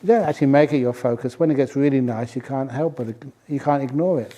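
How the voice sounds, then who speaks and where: A man's voice: mid-range voice, fast, warm tone. A man who is a Buddhist monk, telling a playful story and answering questions at a retreat, often laughing at his own jokes. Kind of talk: storytelling Dhamma talk and Q&A.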